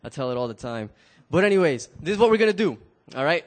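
A man's voice: on the high side, sing-song, fast. Stammering man telling a story to a crowd. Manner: stammers and repeats words, talks directly to the listeners. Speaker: storyteller speaking to an audience. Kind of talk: casual live storytelling.

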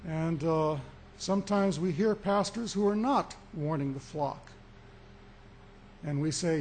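A man preaching a sermon as pastor, with emphatic delivery and deliberate pauses that rise for emphasis. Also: fairly high pitch, darkish tone, slight background noise.

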